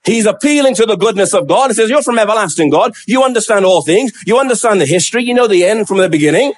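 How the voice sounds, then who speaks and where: A high-pitched man preaching a sermon. He voices the prophet's pleading questions with drama, then drops low and slow to stress key words. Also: expressive.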